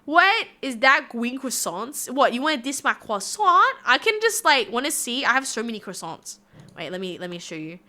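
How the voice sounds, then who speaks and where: A woman's voice: on the high side, big pitch swings, moderate pace, bright, forceful tone. A woman from Australia with an Australian accent, chatting casually on a livestream in a bubbly, rambling, giggly way. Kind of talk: casual stream chat reading viewer comments.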